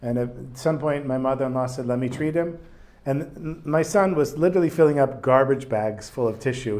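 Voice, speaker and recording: A man's voice: mid-range voice, darkish tone. A man teaching a religious lesson in a casual storytelling manner, with asides. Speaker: Torah teacher.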